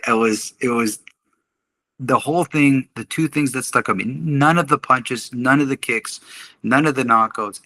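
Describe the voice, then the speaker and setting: A middle-aged man tells a story on a podcast in a bright, slightly husky voice. He is animated and laughs often, slipping into the voices of the people he quotes. The sound is dry and close. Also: medium pitch, no room sound. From Canada. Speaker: podcast guest, martial arts instructor. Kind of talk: casual storytelling in an interview.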